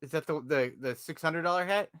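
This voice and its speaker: A man's voice: on the high side, a little fast, dry recording, clean studio sound. A man hosting a casual podcast, speaking animatedly into a podcast microphone and poking fun at himself. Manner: animated, self-deprecating, talks to listeners. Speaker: podcast host. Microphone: podcast microphone with headphones.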